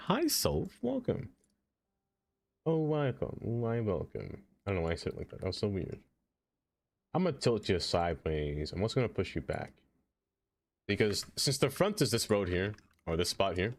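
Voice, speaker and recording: Man, game streamer, lowish voice, chatty, laughs a lot, talks to chat, bursts of high excitement. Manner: jumps to high excited exclamations. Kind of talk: casual live-stream gameplay chat.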